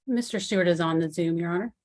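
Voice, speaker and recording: Woman lawyer on a zoom hearing, kinda low voice, formal, dry sound. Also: quick pace, darkish tone, dry recording. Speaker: defense attorney. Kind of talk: addressing the court in a remote hearing. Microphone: video call.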